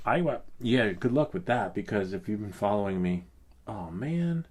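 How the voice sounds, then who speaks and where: A man's voice: fairly low pitch, a little fast. A middle-aged man hosting a casual tech tutorial, talking in a chatty, rambling way with many fillers and asides. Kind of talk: casual screen-recorded tutorial.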